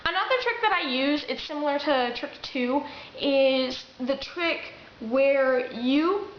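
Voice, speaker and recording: A woman's voice: high voice, expressive, takes it slowly, slight background noise. Young woman, casual chatty vlogger; lo-fi camera audio in an echoey room. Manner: chatty, with restarts and acted-out quotes. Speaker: vlogger giving acting tips. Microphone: camera mic. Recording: roomy, dull lo-fi camera audio.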